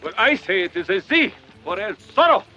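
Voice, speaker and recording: Zorro, a bright swashbuckling hero. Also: male voice, sits high, sing-song, normal speed, exaggerated voice. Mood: proud. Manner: proud, theatrical. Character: dashing masked male swordsman hero. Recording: dull film audio with music.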